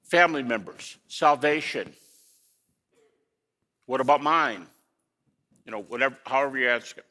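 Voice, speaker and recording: A man giving a lecture to an audience in an animated way, with rhetorical questions and folksy asides. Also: medium pitch, normal speed, pauses often, big-room sound.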